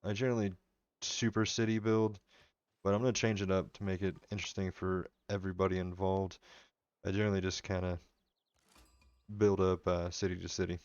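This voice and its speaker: A man with a very low, smooth and clear voice chats casually with viewers while streaming a game. His talk is relaxed and rambling. The sound is dry and slightly dull, like a home desk mic. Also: fairly quick, long pauses, dry recording. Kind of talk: casual live-stream commentary. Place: home room.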